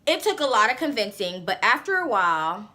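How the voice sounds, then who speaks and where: A young woman vlogger telling a personal story in an animated, expressive way, with lots of fillers. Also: a little high, fairly quick. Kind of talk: storytime vlog.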